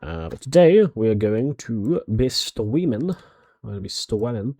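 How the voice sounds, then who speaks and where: Chatty male streamer with a lively voice. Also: fairly low pitch, a little slow, no echo. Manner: rambling, chatty, greets viewers. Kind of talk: casual live-stream chat.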